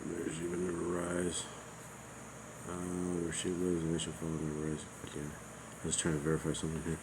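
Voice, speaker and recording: Deep gravelly man checking scripture text. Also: quick pace, noisy background. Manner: relaxed, joking, checks along with the reader. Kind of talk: casual proofreading chat.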